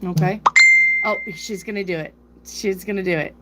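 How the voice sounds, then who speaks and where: A woman's voice: mid-range voice, moderate pace, very noisy. A woman from South Dakota with a northern US accent, a tarot reader chatting on a live stream and reading out viewers' questions. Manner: chatty, rambling, reads viewer questions aloud.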